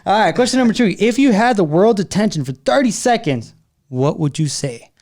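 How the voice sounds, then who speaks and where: A man's voice: high-pitched, lively intonation, brisk, a little mellow. Joking slangy man hosting a podcast. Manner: laid-back, jokey, slangy, says "bro" often. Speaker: podcast host. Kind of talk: casual podcast interview.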